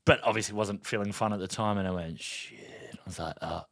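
An Australian man on a podcast, animatedly telling a long story and acting out the lines of the people in it, sometimes dropping to a hushed aside. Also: on the low side, fast talker, no echo, clean studio sound. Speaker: podcast co-host. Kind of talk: casual storytelling chat.

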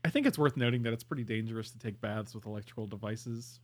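A man co-hosting a podcast in casual chat, animated and emphatic. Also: fairly low pitch, fast talker. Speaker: podcast co-host.

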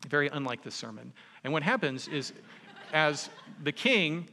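A man preaching a sermon, retelling a story in an animated, conversational way. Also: fairly high pitch, normal speed, creaky, slight background noise. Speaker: pastor. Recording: long reverb in a large hall.

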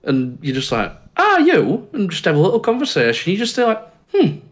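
A man's voice: a little high, very animated, fast. A man with a Northern English accent from Barnsley, a guest trading crude jokes in casual podcast chat. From Northern England. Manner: jokey, swears freely, puts on bits.

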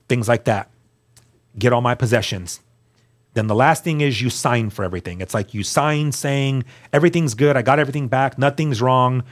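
A male guest on the show shares his personal testimony with earnest emphasis, his medium-pitched voice dropping to a hush at key moments.

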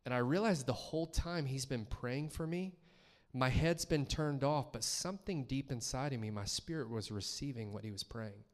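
A man's voice: mid-range voice, moderate pace. Man preaching in a reverberant church. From Columbus, Georgia, US. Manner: conversational storytelling, acting out his own reactions. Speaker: guest preacher. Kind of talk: testimony sermon. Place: church sanctuary.

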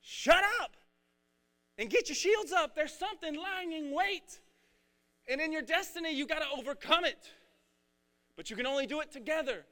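A man's voice: very high-pitched, moderate pace, long pauses, pushed and bright, in a large hall, pitched above the performer's own voice. A man voicing a stern fatherly God figure who rebukes his quarreling sons. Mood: commanding.

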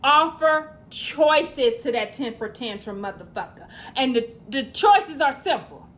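A woman delivering a profane comedic rant, loud and blunt, swinging between shouting and muttering asides. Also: high voice, lively intonation, measured pace, a little hiss or hum.

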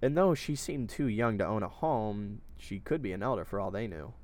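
A man reading his own fantasy story aloud in steady, plain narration. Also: lowish voice, moderate pace.

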